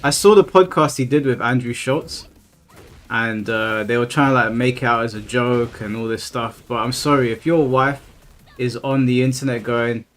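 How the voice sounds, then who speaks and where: A man's voice: mid-range voice, normal speed, a bit bright. A young man, chatting casually and ranting with plenty of swearing on his live stream, exasperated.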